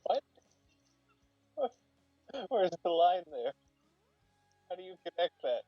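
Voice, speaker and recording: Man, mellow voice, dry dull mic, faint music, teasing laid-back chat. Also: high voice, sing-song, slow pace, no room sound. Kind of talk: casual chat. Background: faint background music.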